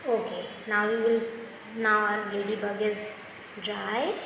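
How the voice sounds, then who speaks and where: A woman's voice: medium pitch, level tone, noisy background. A woman, patiently giving a step-by-step craft lesson to children, praising them as she goes. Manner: slow, patient, instructive, praising often. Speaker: craft teacher. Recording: very echoey room with long reverb.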